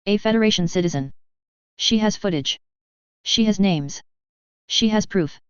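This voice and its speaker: A woman's voice: medium pitch, normal speed, clean tone, dry recording, lo-fi sound, natural voice. A woman reading the lines of a pushy, probing press reporter. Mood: insistent. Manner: probing, insistent.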